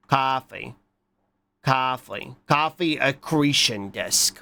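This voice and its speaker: Animated but slow-paced, this livestreamer has vocal fry and a pushed, bright sound. He chats casually while reacting to videos and reading chat, congested from a cold. His talk is scattered and goofy, full of repeated "What?" and squeaky high bursts.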